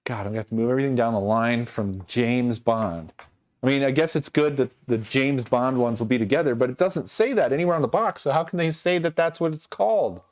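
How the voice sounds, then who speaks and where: A man's voice: medium pitch, brisk. A man streaming and chatting casually with his viewers, ranting in mock exasperation while he sorts things. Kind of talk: casual livestream chat.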